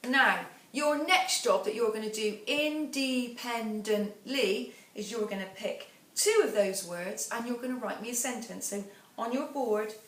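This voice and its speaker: A woman teacher leads a phonics lesson at an unhurried pace, counting down and sounding out each word with patience. Her voice sits a little back from the microphone in a reverberant room, with faint noise behind it. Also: a little high, fairly bright tone. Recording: echoey room, voice a bit far from the mic, faint background noise.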